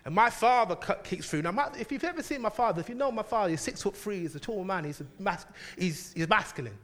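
A man preaching a sermon, telling a personal story with lively laughter and frequent asides to the congregation. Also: sits high, fast. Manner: animated, laughing, keeps asking "do you know what I mean".

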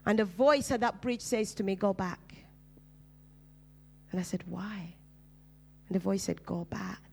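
A woman, a preacher, telling her personal testimony in conversation, earnest and dropping low and soft on painful memories. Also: a little slow, vocal fry, husky. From Uganda.

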